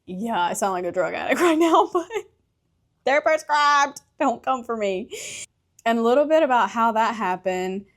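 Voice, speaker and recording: A woman's voice: a little high, lively intonation, normal speed. A young woman hosting her own podcast, chatting candidly about her life and travels, laughing often and swearing freely. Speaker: podcast host. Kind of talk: casual solo podcast chat.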